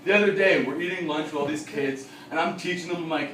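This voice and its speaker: A young man performing a stand-up comedy set with an excitable, swearing delivery, acting out kids and other voices. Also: on the high side, fast talker, hardly any pauses, recorded from a distance, a little hiss or hum. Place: small bar stage with live audience. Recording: roomy bar recording from afar, crowd laughter.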